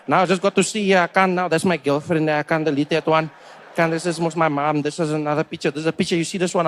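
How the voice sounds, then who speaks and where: A man voicing a pushy, excitable young male fan in overalls with a South African accent, loud and insistent. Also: sits high, a little hiss or hum. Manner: insistent, bossy, talks fast and loud.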